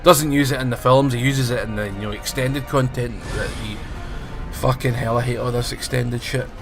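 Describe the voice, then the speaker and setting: A Scottish man rants through a review in a mid-pitched voice, sarcastic and profane, and he mocks the characters with quick put-on lines. Music plays steadily under his talk. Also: steady tone, creaky. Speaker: film and TV reviewer. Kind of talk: sweary ranting review.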